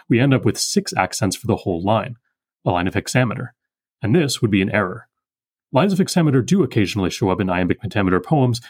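A man hosting a poetry podcast, giving a precise, methodical close reading of a poem's meter and slowing down to sound out single lines. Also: fairly low pitch, husky, no room sound. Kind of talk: close reading and metrical analysis.

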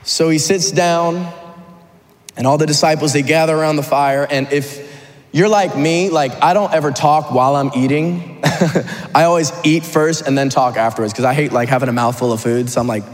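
A man's voice: a little high, normal speed. Conversational preacher man in echoing hall. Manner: conversational, animated retelling with humor. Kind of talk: sermon storytelling. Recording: long hall reverb.

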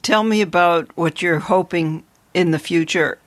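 A woman with a somewhat low voice conducts the interview, asking gentle and encouraging follow-up questions. Her voice is recorded close and dry, with no room sound. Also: unhurried, no room sound.

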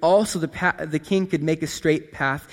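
A man preaching a casual sermon in a conversational, animated way, often checking in with his listeners. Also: fairly high pitch, normal speed. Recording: long hall reverb.

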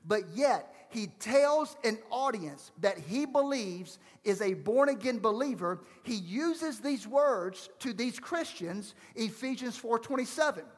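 A man around forty preaching a sermon in a high, light voice. He presses the congregation with emphatic rhetorical questions. The sound rings with a long hall reverb. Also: animated, unhurried, few pauses. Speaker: pastor.

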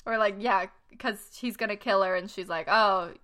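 A woman's voice: medium pitch, normal speed, fairly bright tone. A young woman chatting casually as a podcast co-host, wry, mocking characters by quoting them. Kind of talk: casual chat.

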